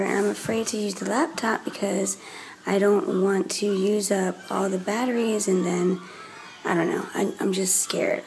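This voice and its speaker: A woman rambling chattily to her viewers from home, with a slightly gravelly edge to her voice. Steady hiss sits under the camera audio. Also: mid-range voice, low-quality recording. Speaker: hair stylist vlogger. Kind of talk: casual vlog chat.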